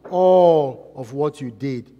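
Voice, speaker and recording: A man preaching a sermon as pastor, asking repeated rhetorical questions and swinging between loud and soft. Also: mid-range voice, slow, muffled recording. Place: church. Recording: long church reverb.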